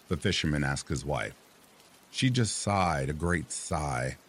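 A man narrating a folk tale in a measured, expressive reading. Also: very deep voice, slight background noise. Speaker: storyteller. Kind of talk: scripted storybook narration.

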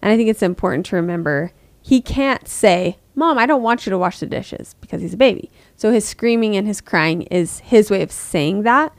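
A woman's voice: mid-range voice, normal speed, hardly any pauses, no echo. A woman in her thirties co-hosting a parenting podcast, chatting casually and acting out quoted voices. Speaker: podcast co-host.

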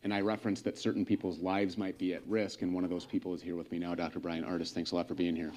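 A man's voice: sits low, level tone, fast talker. A man conducting an interview in a grave, serious way. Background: music.

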